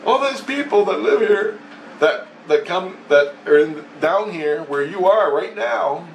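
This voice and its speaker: A man putting on a high, exasperated Jesus. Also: lively intonation, unhurried, gravelly, full character voice. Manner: scolding, exasperated. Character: exasperated male Jesus scolding the dreamer. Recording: roomy echo, far from mic, faint hiss.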